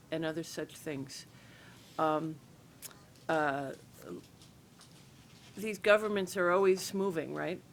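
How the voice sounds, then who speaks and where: A woman's voice: on the low side, a little hiss or hum. A woman panelist answering carefully and hesitantly, with many fillers.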